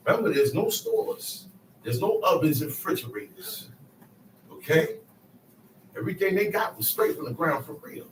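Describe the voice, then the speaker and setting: A man's voice: sits high, very animated, normal speed. A man teaching a Bible study to a small group, emphatic and acting out quotes as he calls on his listeners. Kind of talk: preaching scripture study. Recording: echoey room, distant mic, faint noise.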